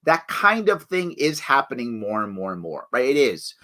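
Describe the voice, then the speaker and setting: A man's voice: medium pitch, very animated, normal speed, a bit bright. A man hosting a live talk show, speaking emphatically and answering viewer comments, often tagging points with "right?". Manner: emphatic, repeats "right?" and restarts.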